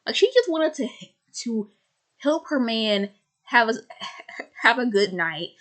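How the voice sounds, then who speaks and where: A woman with a stutter reviewing a film in casual, rambling chat, full of fillers and repeated words, slipping into quick voices for the characters. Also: on the high side, very animated, a bit bright. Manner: acts out characters' lines in quick put-on voices.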